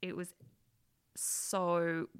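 A woman's voice: lowish voice, monotone, drawn-out words, clear, resonant tone. A woman co-hosting a casual film review chat, gushing with enthusiasm and acting out scenes as she retells them.

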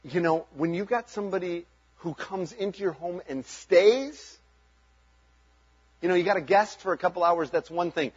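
Man, pastor, sermon, high voice, husky, conversational, earnest, muffled lo-fi sound. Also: normal speed. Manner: conversational, earnest, chuckles between points.

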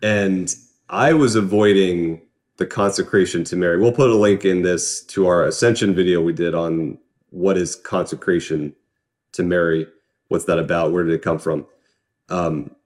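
A man co-hosting a podcast in casual chat, telling stories in an earnest, relaxed way. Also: low-pitched. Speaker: podcast co-host.

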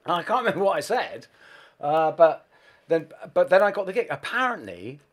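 Brief: expressive male musician guest, candid and profane, with a wide pitch range. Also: brisk. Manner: swearing, self-deprecating, animated. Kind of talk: anecdotal storytelling.

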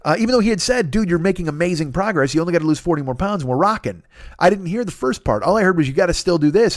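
Male podcast host, middle-aged, profane and self-deprecating; fast delivery, slightly high voice. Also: no echo, studio quality. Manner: rambling, profane, self-deprecating, quick asides. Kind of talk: profane solo podcast monologue.

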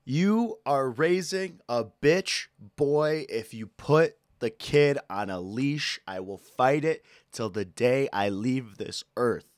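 Man, podcast host, ranting, jokey, lively swinging pitch, dry close sound. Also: no room sound. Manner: animated, ranting, jokey, quick to yell out bits. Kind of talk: casual solo podcast rant.

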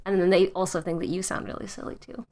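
A woman's voice: lowish voice, level tone, fast, darkish tone. A young woman from the United States, chatting casually and animatedly, with frequent fillers and laughter at her own stories. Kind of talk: casual chat.

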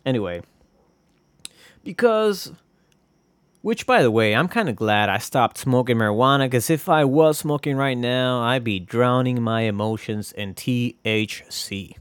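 A man's voice: medium pitch, animated, measured pace, clear, resonant tone, dry recording. A man hosting his own podcast, talking in a rambling, casual way with lots of swearing and jokey asides. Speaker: podcast host. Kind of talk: casual solo podcast monologue.

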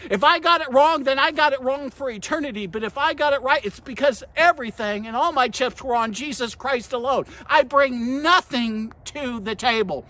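A man's voice: normal speed, few pauses. Impassioned male preacher. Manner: impassioned, addresses listeners directly as friends and guys; swings between quiet, low stretches and loud, emphatic bursts. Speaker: pastor and podcast host. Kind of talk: devotional podcast sermon.

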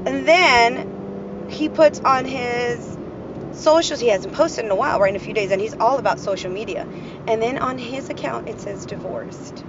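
A woman's voice: a little high, highs cut off, noisy background. A woman hosting her own podcast, venting bluntly in a casual monologue and swearing freely as she retells arguments. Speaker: podcast host.

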